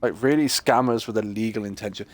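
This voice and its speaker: A man chatting casually while he streams a game, telling jokey stories in an animated way and mimicking other people's voices. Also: fairly low pitch, fast talker, no echo. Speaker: gaming streamer. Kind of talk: casual chat while playing.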